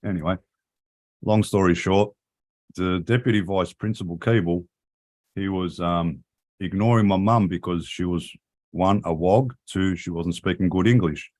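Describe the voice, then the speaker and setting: A man's voice: deep voice, normal speed, a little mellow. A middle-aged man, telling crude, profanity-laden stories in a casual live chat. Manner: crude, profane storytelling with frequent swearing.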